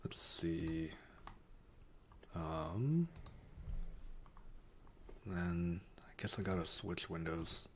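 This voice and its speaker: A man's voice: low voice, expressive, drawn-out words, pauses often, a little hiss or hum. A man streaming casually, reading quiz options aloud and muttering wry, sarcastic asides.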